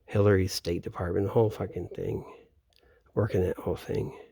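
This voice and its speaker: A man with a fairly low voice talks in a loose, rambling monologue, swearing freely and drifting from thought to thought. He often breaks off sentences and starts them over. The sound is dry and close, with almost no room around him. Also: fairly even intonation, a little fast, gravelly, dark tone, husky, no echo. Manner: profane, meandering, trails off mid-sentence. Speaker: vlogger. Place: home in Florida, at night.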